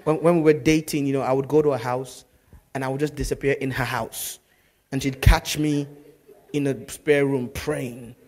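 A man preaching a sermon as pastor, telling stories in a lively way that swings from loud to hushed. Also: medium pitch, normal speed.

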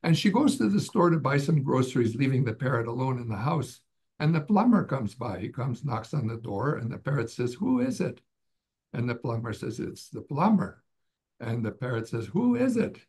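A man's voice: mid-range voice, expressive, brisk, darkish tone, husky. An older man, a podcast guest and author, genially telling a humorous story in casual chat.

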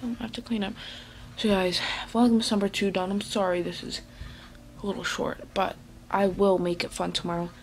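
A woman's voice: medium pitch, level tone, brisk. A woman talking casually to her phone camera at home in a meandering vlog, full of fillers and restarts. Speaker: vlogger. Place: at home, indoors. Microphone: handheld phone camera.

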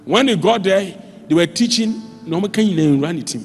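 A man preaching a sermon as a pastor, telling stories with sudden jumps in pitch and loudness. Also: normal speed, big-room sound, faint music behind. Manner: animated storytelling, with sudden jumps in pitch and volume. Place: church.

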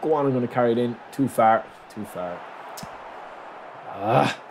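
A man giving excitable live commentary on his own football video game, reacting aloud and calling his viewers lads. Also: medium pitch, moderate pace, creaky. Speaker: gaming channel host. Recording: noisy game sound mix.

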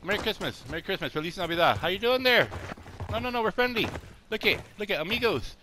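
An older man, a grandfather who streams games, chats casually while playing and jokingly wishes his opponents a merry Christmas. His voice is high, animated and quick, with noise in the background.

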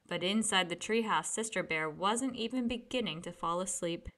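A woman reading a children's picture book aloud with gentle, expressive storytelling. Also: mid-range voice, normal speed.

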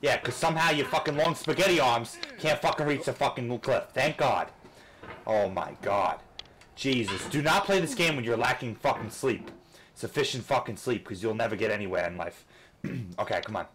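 A man commentating a rage-inducing game, swearing constantly and switching between frustrated outbursts and coaching himself to calm down. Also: mid-range voice, moderate pace. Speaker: gamer. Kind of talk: let's play commentary.

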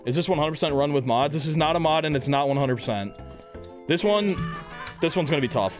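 Excitable young man streaming a game. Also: fairly high pitch, fairly quick, faint music behind. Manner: excitable, crude, jumps to loud shouts; reads chat aloud and jokes with viewers. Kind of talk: live gaming stream chatter.

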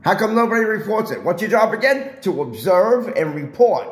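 With big pitch swings and a voice that sits high, a man talks at a moderate pace as he films building security on his handheld phone. In the indoor public area of a residential building, he combatively lectures them and repeats his points, in a roomy, low-quality recording.

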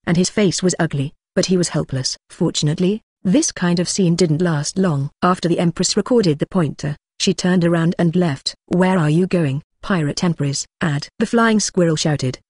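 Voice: medium pitch, normal speed, hardly any pauses, darkish tone, husky, dry recording, studio quality. A text-to-speech voice narrating a novel as an audiobook, reading evenly and speaking punctuation marks and stray numbers aloud.

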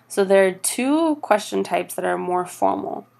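A woman teaching French grammar over slides, patient and steady, slowing down for each example phrase. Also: medium pitch, gravelly.

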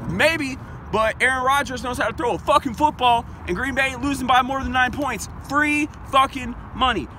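A young man hosts a comedic sports betting vlog outdoors in a parking lot, brash, boastful, and profane. His voice is very high-pitched at normal speed, with a noisy background.

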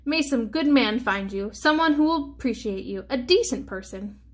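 A woman's voice: a little high, expressive, normal speed. A woman doing a grumpy old uncle scolding his hat. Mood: grumbling. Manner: scolding, muttering to himself.

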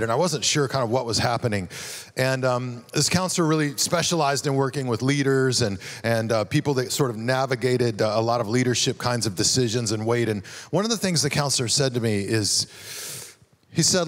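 A man's voice: mid-range voice, brisk. A man preaching a sermon as a guest pastor, telling stories in a conversational way and acting out the lines he quotes.

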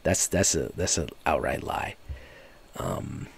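A bass-voiced man, husky and creaky, takes his time but keeps his intonation lively. He's streaming a card game and chatting casually, drifting off-topic with frequent fillers and laughs. Faint background noise is present.

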